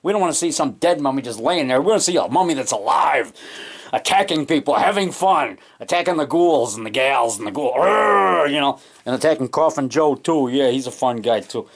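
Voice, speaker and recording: A man rambling excitedly in a casual home vlog, full of restarts and trailing thoughts, recorded on a camcorder in his basement. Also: mid-range voice, a little fast, vocal fry. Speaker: low-budget monster moviemaker. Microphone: camcorder mic.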